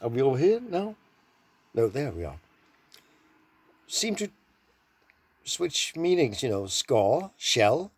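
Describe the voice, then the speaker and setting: A man from Denmark, giving an informal language lesson and repeating words slowly to demonstrate them. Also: medium pitch, very animated, no echo. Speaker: language teacher.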